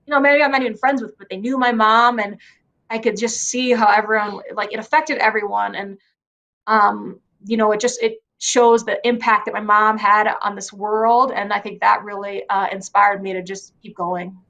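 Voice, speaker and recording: Casting note: young adult woman, interview guest, soft and halting, lots of "like" and "you know". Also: medium pitch, steady tone. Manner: soft-spoken, heavy use of fillers like "like" and "you know". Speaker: guest wrestler. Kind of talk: emotional interview conversation.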